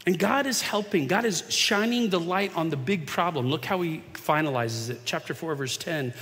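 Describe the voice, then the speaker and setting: A man preaching a sermon in a conversational way, moving from hushed asides to emphatic points. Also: on the high side, animated, normal speed, few pauses. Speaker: pastor. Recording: long reverb of a large hall.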